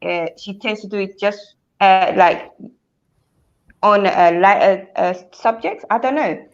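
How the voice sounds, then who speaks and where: A woman with an Ethiopian accent talks through her views on a live stream, thoughtful and a little hesitant. Her voice sits at an ordinary pitch. The sound is dull and lo-fi. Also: a little slow. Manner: thoughtful, hedging, often says she doesn't know. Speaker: stream guest. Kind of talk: casual chat.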